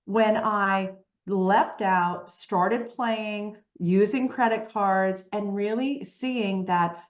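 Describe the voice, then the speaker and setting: Animated woman telling her story. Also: mid-range voice, extremely slow, reverberant, dull audio. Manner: animated storytelling, frequent "right?" tags. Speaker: podcast guest. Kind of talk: conversational interview storytelling.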